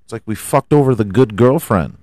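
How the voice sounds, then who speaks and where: A man's voice: medium pitch, animated, a little fast, darkish tone, no echo. A man hosting a podcast, ranting about his football team in a heated, profane way and firing off rhetorical questions. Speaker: podcast host. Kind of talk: profane sports rant.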